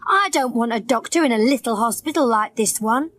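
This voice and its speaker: A woman's voice: fairly high pitch, fairly quick, fairly bright tone. A woman voicing a bossy, impatient male manager of a pop star in a graded reader audiobook.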